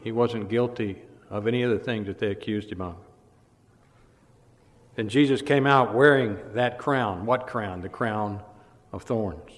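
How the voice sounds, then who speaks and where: A man's voice: mid-range voice, unhurried. Man preaching in a reverberant hall. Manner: dramatic storytelling, swings between loud and hushed. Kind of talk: sermon retelling scripture.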